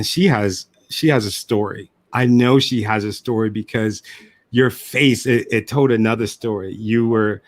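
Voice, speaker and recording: A podcast host with a fairly low-pitched voice leads a casual interview chat, recorded with no echo. He talks reflectively and tells stories, restarting his sentences often.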